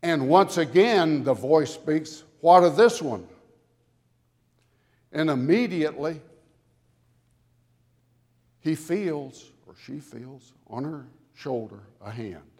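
A man preaching a sermon to a congregation with dramatic emphasis, building to loud peaks on key words. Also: a little high, lively intonation. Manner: dramatic, slow emphatic delivery with swelling loudness. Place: church sanctuary. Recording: long hall reverb from a church. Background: congregation audience.

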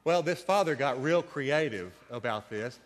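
A man's voice: medium pitch, expressive, moderate pace, big-room sound. A man preaching a conversational sermon, with folksy storytelling asides. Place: church sanctuary.

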